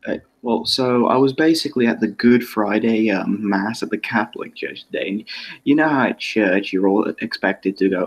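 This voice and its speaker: A man's voice: on the low side, husky, highs cut off. A man chatting casually on a stream, rambling with many restarts as he tells stories. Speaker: podcast co-host. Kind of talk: casual chat.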